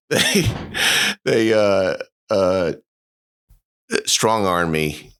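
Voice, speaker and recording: A man talking as a guest in a casual chat, halting, with many fillers and restarts. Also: on the low side, wildly swooping pitch, fairly bright tone, smooth.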